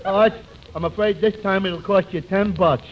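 An actor in a 1940s radio comedy playing a slow-witted, deadpan male tavern sidekick, on an old lo-fi recording with loud hiss. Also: high voice, close to an everyday voice. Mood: dopey.

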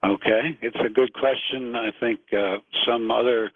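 A man in his fifties, a guest on a call-in radio show, talking slowly and earnestly with many pauses. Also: medium pitch, steady tone, no echo. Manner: slow, earnest, many hesitations. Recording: narrow phone-like line.

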